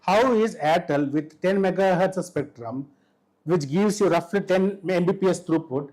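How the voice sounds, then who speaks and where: A male lecturer with an Indian English accent and a high-pitched voice teaches a college class. He keeps firing short questions at the room to check that the students follow. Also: darkish tone, low-quality recording. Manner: asks the class frequent quick questions.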